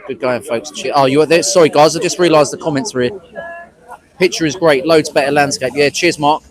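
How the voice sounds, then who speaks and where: A man's voice: a little high, a little fast, poor audio. Chatty English man livestreaming outdoors. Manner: chatty, greets viewers by name. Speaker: livestream host. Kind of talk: casual livestream chat. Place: outdoors at a street protest. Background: crowd.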